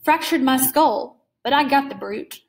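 A woman with a high voice and vocal fry reads aloud. She voices a suave, menacing aristocratic male hunter who talks with slow, courtly calm.

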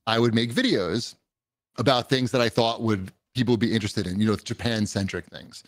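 A man's voice: on the low side, brisk, no room sound, studio quality. A middle-aged man talking as a podcast guest in rambling, conversational chat. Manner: rambling, conversational, frequent 'you know'. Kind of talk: casual chat.

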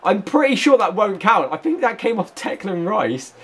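A man commentating his own football gameplay for a video. His voice sits high and swings widely in pitch, and he gets excitable, shouting at the match as it unfolds. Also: moderate pace, slightly rough. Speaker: gaming YouTuber.

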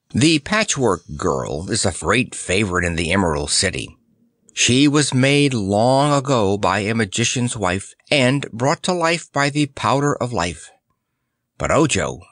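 A man narrating a children's fantasy book in an expressive reading style. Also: lowish voice, no echo, clean studio sound. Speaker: audiobook narrator. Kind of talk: storybook narration.

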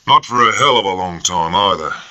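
A man's voice: low voice, animated, brisk, bright, forceful tone, no echo, dull audio, pitched above the performer's own voice, exaggerated voice. A man voicing a coarse, sarcastic and bullying first lieutenant who talks with peevish scorn. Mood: scornful.

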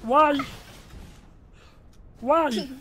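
An Italian man putting on a strange high voice in game chat, speaking slow, broken English and repeating his words. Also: fairly bright tone, slight background noise, exaggerated voice. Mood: pleading. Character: man with strange squeaky high voice, pleading and earnest. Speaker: gaming YouTuber. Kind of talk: prank voice in online game chat.

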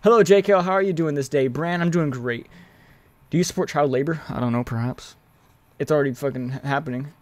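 Excitable young man streaming a game. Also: a little high, fast, no echo. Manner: excitable, swears freely, yells during fights. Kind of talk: casual live-stream chat and gameplay commentary.

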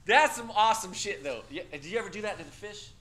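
A man's voice: high voice, expressive, quick pace, sharp tone, a little hiss or hum. A man teaching a class, talking bluntly and casually with profanity, quizzing students in a discussion. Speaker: instructor.

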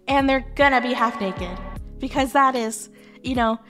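A woman retells history as casual comedy, chatting irreverently with plenty of swearing and fillers. Her voice sits a little high, and faint music plays beneath. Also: moderate pace, a bit bright. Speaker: history storyteller, virtual streamer.

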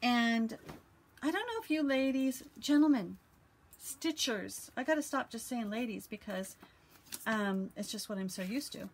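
A woman's voice: on the high side, expressive, measured pace, a little hiss or hum. Woman vlogger, chatty and enthusiastic, casual show-and-tell about quilts. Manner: chatty, enthusiastic, many fillers and restarts.

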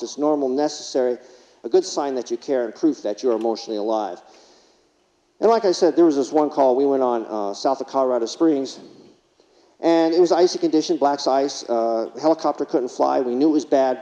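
A middle-aged former paramedic gives a keynote speech in a large conference hall, his voice on the high side with a dark tone. He tells stories and asks the audience questions, and the recording has a reverberant hall sound that is dull and lo-fi.

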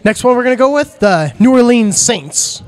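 A man with a notably high voice hosts a casual comedy podcast. He asks the questions and runs the segments in an upbeat, easygoing way, laughing easily along with his guest. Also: expressive, moderate pace. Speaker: podcast host.

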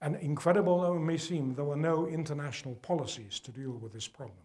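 In a gala event hall, an older man gives a public lecture with slides, his pitch somewhat high for a male voice. He is earnest and emphatic, and his measured delivery falls quiet whenever he wants weight.

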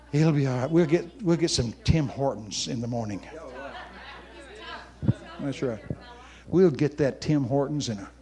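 An older man with a drawl preaches in a folksy storytelling manner. His voice sits a little high for a man. He moves between lively tales and quiet, personal words to listeners. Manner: folksy, animated storyteller who then talks softly and personally to listeners.

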